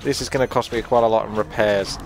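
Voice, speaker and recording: A man's voice: quick pace, a little hiss or hum. Chatty Essex man commentating a game. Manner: chatty, self-mocking, jumps in pitch when excited. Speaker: gameplay commentator. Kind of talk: casual live game commentary.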